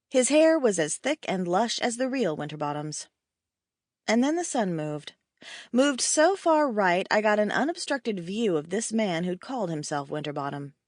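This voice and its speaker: A woman narrating a first-person audiobook in a wry, expressive storytelling manner. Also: mid-range voice, dry recording, clean studio sound.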